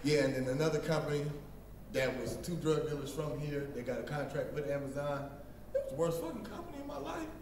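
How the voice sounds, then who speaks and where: Open-mic comic from Middletown, Ohio; high, jumpy delivery, profane, shouts at the room; roomy, distant phone recording. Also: male voice, fairly quick. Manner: profane, animated storytelling with shouted asides to the crowd. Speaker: stand-up comedian. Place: small bar at an open-mic night. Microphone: phone set down near the stage. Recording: roomy bar recorded from far off, faint noise.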